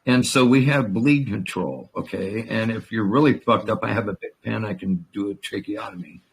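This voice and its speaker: A man's voice: fairly low pitch, normal speed, creaky, slightly rough. A man who is a veteran, talking in a rambling, profane and emotional way in a casual chat. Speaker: veteran in a conversation.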